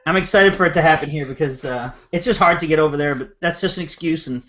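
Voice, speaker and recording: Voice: medium pitch, fast, muffled recording, background noise. A podcast host in easygoing, agreeable casual chat.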